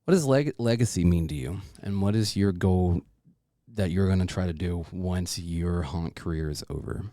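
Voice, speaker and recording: A man's voice: sits low, moderate pace, dark tone, dry recording, clean studio sound. A man hosting a podcast, asking questions in a playful, jokey way. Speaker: podcast host. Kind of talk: casual interview.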